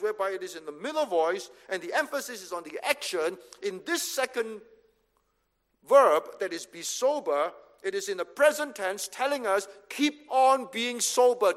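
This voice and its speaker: A man's voice: very high-pitched, fairly bright tone. A man preaching a sermon as pastor, driving points home with short repeated commands. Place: church hall. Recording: reverberant hall.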